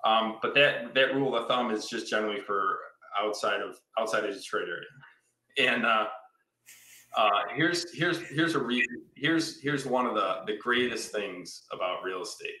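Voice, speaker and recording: Man, 50s, from Michigan, upbeat storytelling investor; forceful tone in an echoey room. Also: fairly low pitch, moderate pace. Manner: enthusiastic, storytelling, explains with repeated "right?". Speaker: real estate investor. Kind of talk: casual podcast conversation. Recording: roomy echo.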